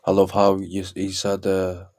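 Deadpan guy, super flat and low, mumbling short comments. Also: measured pace, no room sound, clean studio sound.

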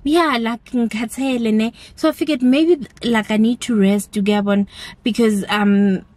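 A woman's voice: on the high side, steady tone, unhurried, a little mellow, no echo. A young South African woman with a South African accent, chatting to camera in a casual vlog and slipping between English and isiZulu words. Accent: South African, mixing in isiZulu words. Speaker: vlogger.

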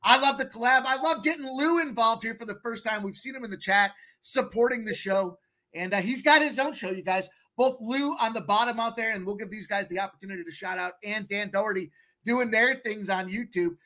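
A man hosting a sports betting live stream, hyping up his guests with slangy shout-outs in casual chat. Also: sits high, fairly quick. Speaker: host of a sports betting show.

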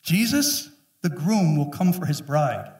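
A man's voice: on the high side, very animated, darkish tone. Emphatic preacher man in his fifties. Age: 50s. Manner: emphatic, joking preacher who acts out quick voices. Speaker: pastor. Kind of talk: sermon. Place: church sanctuary. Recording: echoey room, mic at a distance.

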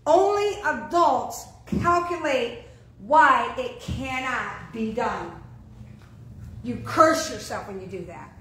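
A woman pastor preaching a sermon, animated and throwing questions out to her congregation. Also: sits high, reverberant, poor audio.

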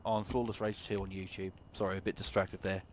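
A man streaming a racing game live, chatting loosely and excitably to viewers and swearing often as he plays. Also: deep voice, brisk. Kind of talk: casual live-stream commentary while playing. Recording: racing game noise loud behind the voice. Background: game engine and car sounds.

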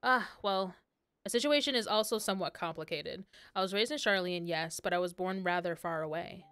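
Woman reading as a quiet young scholar guy in a game, dry sound. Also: on the low side, brisk, clear, resonant tone, no echo, close to an everyday voice. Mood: wistful. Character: reserved young male scholar. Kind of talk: reading game dialogue aloud.

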